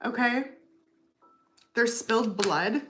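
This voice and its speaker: Chatty woman tarot reader, high voice. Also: takes it slowly, fairly bright tone, slight background noise. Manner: chatty, filler-heavy, says okay and you know often. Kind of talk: casual tarot reading to camera.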